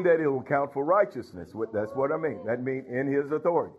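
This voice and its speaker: A man's voice: medium pitch, expressive, a little fast, few pauses, soft background music. Folksy preacher man, lo-fi. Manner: call-and-response, folksy, repeats phrases, chuckles. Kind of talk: informal sermon.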